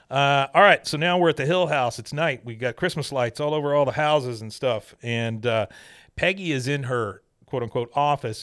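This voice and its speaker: A man's voice: medium pitch, a bit bright, no room sound, clean studio sound. A man casually recapping cartoon scenes and mimicking the characters as he goes. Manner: retells scenes and quotes characters in put-on voices. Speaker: podcast host recapping an episode. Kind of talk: casual chat.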